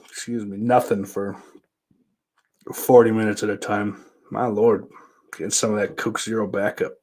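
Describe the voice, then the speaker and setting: A man hosting a solo podcast, talking in a loose, rambling, heavily profane way with sudden loud bursts. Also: lowish voice, level tone, moderate pace. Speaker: podcast host.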